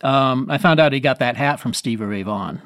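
Animated man telling a story. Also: mid-range voice, a little fast, dry recording. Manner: animated storyteller, quotes others in lively voices. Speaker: guest musician. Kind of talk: casual storytelling interview.

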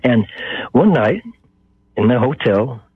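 A man's voice: medium pitch, lively intonation, slow, slightly rough, no echo. An older man with a Texan accent, the guest in an interview, telling a story and acting out the voices of the people in it. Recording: muffled phone-line sound.

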